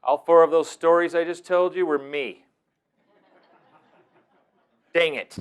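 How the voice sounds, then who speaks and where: A middle-aged man telling stories as a teacher, animated and breaking into loud, shouted impressions. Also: a little high, normal speed, clean tone. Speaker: wilderness mentor and teacher. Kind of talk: storytelling talk.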